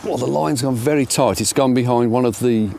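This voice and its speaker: Chatty older angler. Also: male voice, mid-range voice, fairly quick, gravelly, a little mellow, slight background noise. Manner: chatty, self-deprecating. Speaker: angler and show presenter. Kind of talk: casual fishing commentary. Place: outdoors by a lake.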